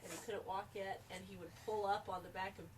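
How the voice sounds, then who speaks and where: A woman's voice: medium pitch, steady tone, fast talker, a little mellow. A middle-aged woman fondly telling stories about her son as a small child, amused. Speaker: mother telling family stories. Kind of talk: casual storytelling to camera. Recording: distant home camera mic with faint hiss.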